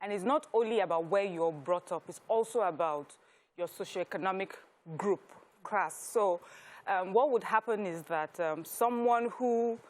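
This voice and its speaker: A woman's voice: medium pitch, normal speed. A woman with a Nigerian accent explains her views at length on a studio talk show. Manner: thoughtful, explanatory. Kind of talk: studio panel discussion.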